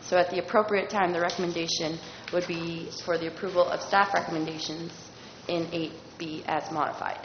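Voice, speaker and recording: A woman's voice: fairly low pitch, flat delivery, fairly quick. A woman on staff reporting to a board, reading out figures carefully and correcting herself as she goes. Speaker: district staff member. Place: public board meeting room. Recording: echoey hall, dull lo-fi sound, faint noise.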